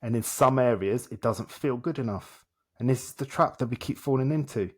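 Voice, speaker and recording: A man's voice: medium pitch, brisk, slightly rough. A man, a coach and guest in an interview, telling stories animatedly and acting out dialogue in short repeated phrases. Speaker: self-development coach, guest. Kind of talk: conversational storytelling in a podcast interview.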